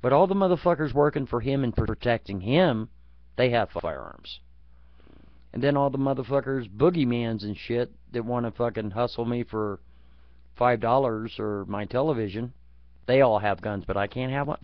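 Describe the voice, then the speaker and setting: A man rants about politics in a crude, foul-mouthed way, his anger running through every line. The recording is muffled and lo-fi, with a dry sound that has no room echo. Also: medium pitch. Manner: angry, crude, swearing constantly. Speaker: vlogger. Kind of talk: profane political rant.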